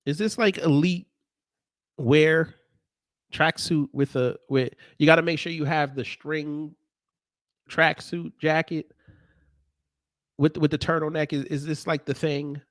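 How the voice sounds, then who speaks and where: A man's voice: a little high, steady tone, measured pace, long pauses, fairly bright tone, no echo, studio quality. A man reacting to clips in casual commentary, sarcastic and exasperated, stammering through restarts. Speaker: commentary vlogger.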